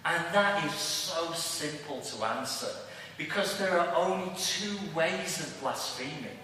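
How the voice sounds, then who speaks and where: A man's voice: a little high, animated, unhurried, bright, forceful tone, a little hiss or hum. A man with a Liverpool accent preaching a sermon to a congregation in a church hall. He speaks emphatically and puts rhetorical questions to his listeners. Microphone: distant room mic. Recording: echoey church hall from far off.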